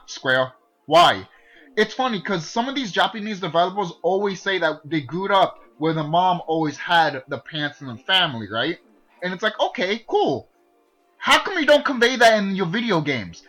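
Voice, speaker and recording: A man's voice: sits high, bright, forceful tone, rough recording. A man making a gaming video, ranting in an exasperated, profane way and restarting his sentences often. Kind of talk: ranting game commentary.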